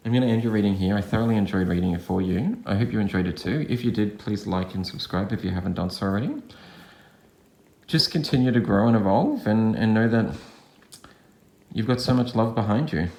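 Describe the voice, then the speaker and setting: A man giving a pick-a-card tarot reading, talking gently and encouragingly, often restarting his phrases. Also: brisk, reverberant. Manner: gentle, affirming, drifting in pitch with frequent restarts. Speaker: tarot reader.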